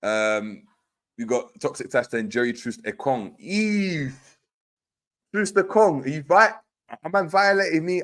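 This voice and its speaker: A man's voice: on the high side, animated, a little slow, fairly bright tone. Laid-back man reading live chat. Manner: laid-back slangy banter, teasing commenters. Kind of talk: casual livestream chat.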